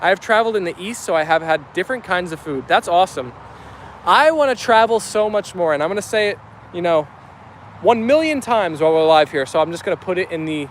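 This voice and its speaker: Young man from New Jersey, New York Italian accent, high voice, upbeat and chatty, faint traffic outdoors. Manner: chatty, upbeat, many fillers. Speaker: vlogger reading live chat. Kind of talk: casual chat reading comments aloud.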